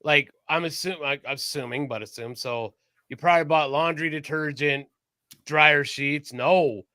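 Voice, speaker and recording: A man co-hosting a podcast in casual chat, animated, laughing often and swearing freely. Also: fairly high pitch, unhurried, dry recording, studio quality. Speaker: podcast co-host.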